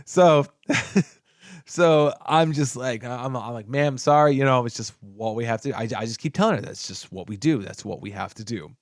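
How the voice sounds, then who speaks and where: A man's voice: moderate pace, dry recording, clean studio sound. A man co-hosting a podcast, telling a story in casual, profane chat and acting out the people he quotes. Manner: animated, profane, acts out quoted lines with big pitch jumps. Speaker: podcast co-host.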